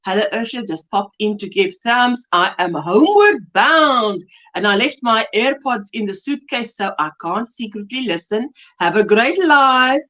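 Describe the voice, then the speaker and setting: A woman's voice: a little high, lively intonation, normal speed, sharp tone, dull audio. A woman hosting a casual crochet livestream, chatting and greeting viewers by name, with frequent laughter. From South Africa. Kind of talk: casual live-stream chat. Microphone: webcam.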